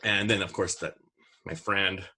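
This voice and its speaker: A man in his forties tells a story on a casual podcast. His voice sits a little low with a bright, forceful edge and a breathy husk. He gets animated and acts out his own past panic in a raised voice. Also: a little slow. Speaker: podcast co-host.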